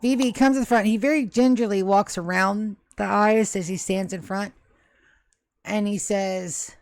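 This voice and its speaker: A woman's voice: medium pitch, steady tone, moderate pace, darkish tone, no echo. A woman narrating as game master of a tabletop game, joking and swearing at her players.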